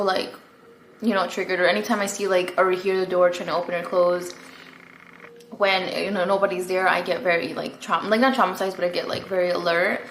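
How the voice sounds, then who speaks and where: A young woman chatting casually to her camera, rambling through a story with plenty of "like" and "um". Her voice sits at an ordinary middle pitch. The room is echoey, with a faint hum of ambience behind her. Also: fairly bright tone. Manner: chatty, rambling, lots of fillers and "like". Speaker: vlogger. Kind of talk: casual story-time chat.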